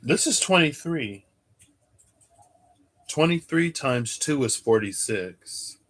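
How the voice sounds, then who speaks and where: A man's voice: mid-range voice, animated, slow, fairly bright tone. A man, a tarot reader on a livestream, chatting casually, sleepy and often excusing his yawns as he thinks aloud and reads chat. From United States. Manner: thinks aloud while searching and reading chat. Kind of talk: casual live stream chat.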